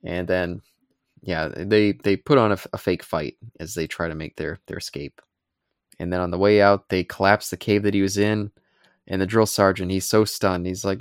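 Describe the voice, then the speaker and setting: A man co-hosting a podcast, retelling comic scenes in a casual, animated way and acting out the characters' lines. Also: low voice, brisk, dry recording, clean studio sound. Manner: animated retelling with acted-out quotes. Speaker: podcast co-host. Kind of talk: casual comic book discussion.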